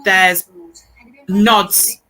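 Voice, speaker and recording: Woman host, thirties, bright and punchy, rambling chatty storyteller who laughs a lot. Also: mid-range voice, fairly even intonation, very slow, low-quality recording. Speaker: podcast host. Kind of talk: casual chat.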